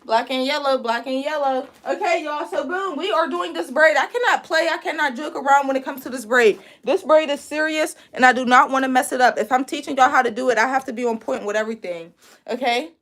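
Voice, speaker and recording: A woman's voice: high voice, brisk, a bit bright. A young woman from Pennsylvania with a Pennsylvania accent, chatting with viewers as she teaches braiding on a livestream. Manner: chatty, talks to viewers as "y'all". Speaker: braiding instructor hosting a livestream. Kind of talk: live tutorial with chat reading.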